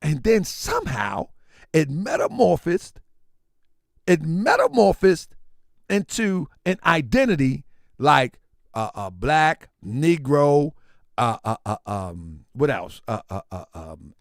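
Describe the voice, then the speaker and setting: A man hosts an opinion commentary show in an emphatic, repetitive way and calls his listeners family. His voice sits a little high and swings widely in pitch. The sound is close and dry, with no room echo. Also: very animated, moderate pace, vocal fry, a bit bright. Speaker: commentary channel host.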